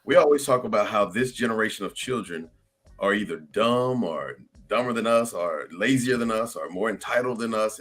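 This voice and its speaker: Husky laid-back man hosting. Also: lowish voice, a bit bright. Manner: laid-back, reads viewer comments aloud. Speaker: podcast host. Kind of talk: casual panel chat.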